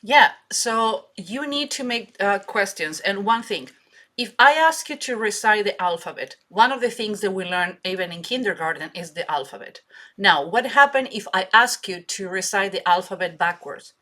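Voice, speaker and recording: A woman guest explaining her expertise in an emphatic, animated way, with grammar. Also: medium pitch, normal speed. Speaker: guest, body language expert. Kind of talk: interview answers.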